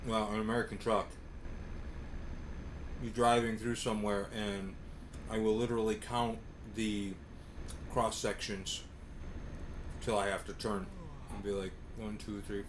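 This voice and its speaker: Chill guy on voice chat in a truck game, teasing his buddy, loud game noise behind. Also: lowish voice. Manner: laid-back, swears freely, teasing. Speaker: co-player. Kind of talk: casual gameplay chat.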